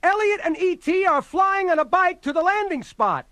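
A man's voice: extremely high pitch, expressive, moderate pace. A man narrating a comedic novelty record like a breathless mock reporter, calling out questions to the characters. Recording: loud pop music playing under the voice. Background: loud music.

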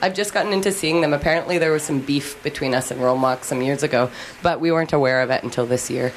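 Giggly low-voiced woman musician. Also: fast talker, slight background noise, low-quality recording. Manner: giggly, rambling, self-deprecating. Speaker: band member guest. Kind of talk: casual radio chat.

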